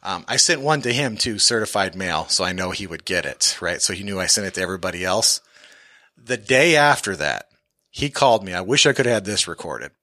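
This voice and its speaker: A man's voice: sits low, expressive, fairly quick, sharp tone, no echo, studio quality. A man who invests in real estate tells a story from his own deals on a podcast, bluntly and full of profanity.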